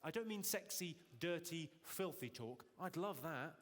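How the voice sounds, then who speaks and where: A man doing stand-up in a large theatre, deadpan and teasing the audience. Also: fairly high pitch, measured pace. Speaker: stand-up comedian. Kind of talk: stand-up comedy with crowd work. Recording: reverberant hall, loud noise, crowd.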